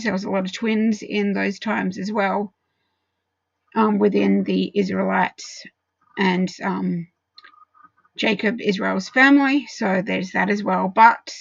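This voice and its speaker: A woman teaching a Bible study in a casual way, walking through verses and explaining them with frequent pauses and ums. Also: medium pitch, gravelly, dry recording, muffled recording.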